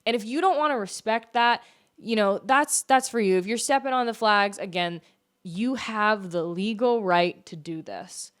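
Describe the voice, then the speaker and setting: A woman's voice: medium pitch, normal speed, smooth. American woman, mid-range voice, hosts a solo podcast with pointed, argumentative political talk. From United States. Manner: emphatic, argumentative, full of rhetorical questions. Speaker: podcast host. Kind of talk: opinionated political commentary monologue.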